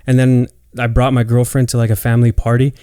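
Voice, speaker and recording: A man in his late twenties chats on a podcast, wandering through family stories and cursing casually. His voice is smooth and resonant. The sound is dry and close to the mic. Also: medium pitch, monotone, fast, warm tone, no echo. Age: 20s. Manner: loose storytelling, swears freely. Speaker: podcast co-host. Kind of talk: casual chat.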